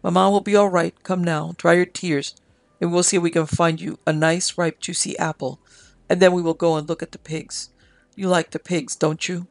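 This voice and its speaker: A gentle teenage farm boy, read by a man in an audiobook, speaking softly and soothingly. The voice is heavily gravelly and sits a little high. The sound is dry and close. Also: flat delivery, normal speed, no echo. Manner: soft and soothing. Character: gentle teenage peasant boy, caring older brother.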